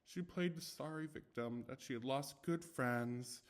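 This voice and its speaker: A man's voice: medium pitch, measured pace. A young man casually reading ghost stories aloud, chatty and stumbling over words, with asides, recorded without a proper microphone. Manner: chatty, self-commenting, stumbles and restarts. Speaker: story reader. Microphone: no dedicated microphone.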